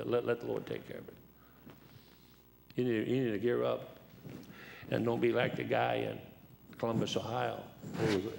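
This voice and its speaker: A man's voice: medium pitch, gravelly, a little mellow, slight background noise. An older man preaching as a guest, telling folksy, rambling stories and laughing at them. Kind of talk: sermon with storytelling.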